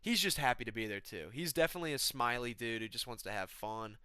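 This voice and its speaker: A young man riffing through a casual, slangy comedic monologue in a laid-back ramble. His voice is bright and clear, recorded close and dry. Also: medium pitch, animated, quick pace, no room sound. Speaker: vlogger.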